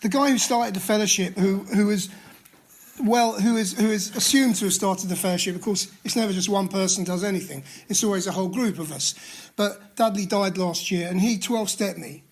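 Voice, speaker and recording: A man's voice: sits high, a little fast. A man in his sixties with a London accent, sharing his story at a recovery meeting in a candid, self-mocking way, with frequent restarts. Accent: London English. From England. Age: 60s. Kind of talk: personal share at a recovery meeting. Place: meeting room.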